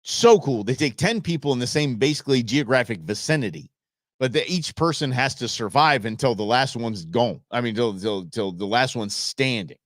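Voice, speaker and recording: Host, middle-aged man from Southern California; bouncy, expressive delivery, casual storytelling. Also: medium pitch, moderate pace, no echo, studio quality. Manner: animated, exclamatory storyteller. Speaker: show host.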